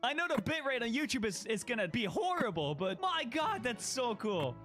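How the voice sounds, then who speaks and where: A man giving excitable gameplay commentary, exclaiming and laughing often. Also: extremely high pitch, moderate pace. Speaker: gaming video creator. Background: background music.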